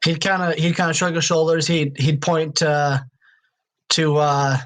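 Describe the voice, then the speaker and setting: A man narrating as game master of a tabletop role-playing game, talking in halting bits with restarts. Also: fairly high pitch, flat delivery, a little hiss or hum, low-quality recording. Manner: halting, many restarts and fillers.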